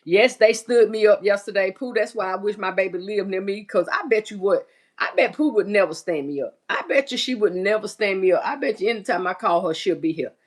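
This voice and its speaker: A woman's voice: medium pitch, brisk. Chatty woman livestreaming while she works. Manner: chatty, reads viewer comments aloud, folksy Southern US speech. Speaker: livestream host. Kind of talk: casual livestream chat.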